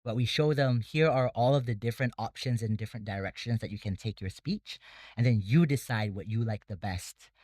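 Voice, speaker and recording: A man's voice: medium pitch, fairly quick, darkish tone, dry recording. A man who runs a debate academy, talking casually in an interview and explaining things step by step with many fillers. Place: Bangkok.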